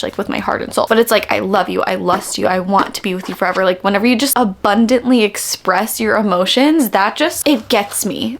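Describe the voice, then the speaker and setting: A woman's voice: fairly high pitch, gravelly. A young woman in her twenties chatting in a casual reading vlog, gushing and talky with many fillers. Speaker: vlogger.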